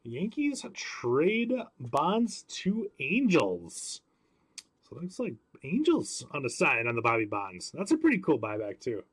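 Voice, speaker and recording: A male host runs a live card break stream, calling out cards and chatting with viewers by name. His voice sits fairly high and husky, with a lively, swooping delivery. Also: a little slow.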